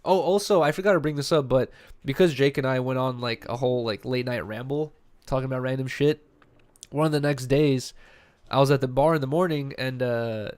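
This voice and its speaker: A man's voice: medium pitch, brisk, a little mellow, smooth. Young man rambling a slangy story. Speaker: podcast host. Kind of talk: casual after-show chat.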